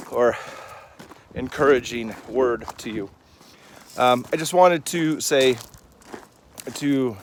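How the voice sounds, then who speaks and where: A man's voice: mid-range voice, slight background noise. A man giving a casual devotional vlog while doing farm chores outdoors, rambling and talking fondly to his animals. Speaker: Christian vlogger. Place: outdoors on a rainy farm and in a chicken coop. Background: chickens clucking nearby.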